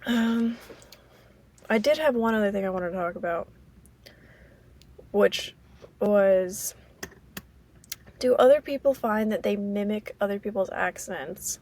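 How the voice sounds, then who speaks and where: An American woman from Maryland hosting a casual solo podcast, rambling and halting with many fillers. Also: mid-range voice, a little mellow. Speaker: podcast host.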